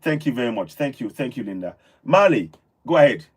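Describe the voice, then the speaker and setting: A man hosting a live stream discussion, soft-spoken and emotional as he takes callers. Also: medium pitch, big pitch swings, fairly quick, slightly rough. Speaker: host.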